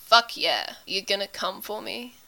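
A woman voicing a teasing, affectionate young man who talks in a low murmuring drawl, in an audiobook reading of a story. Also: fairly even intonation, moderate pace, sharp tone, smooth, lightly acted.

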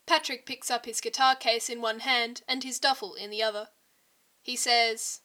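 A woman's voice: fairly high pitch, steady tone, moderate pace, sharp tone. A woman reading a fanfiction story aloud, voicing every character herself. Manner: reads all the characters herself with small voice shifts. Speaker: fanfiction reader. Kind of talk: audiobook narration.

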